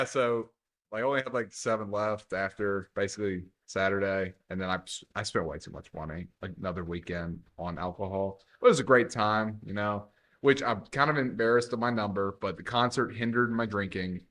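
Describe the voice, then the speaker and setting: A man's voice: on the low side, brisk, fairly bright tone. Laid-back young man who laughs easily. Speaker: podcast co-host. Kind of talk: casual sports chat.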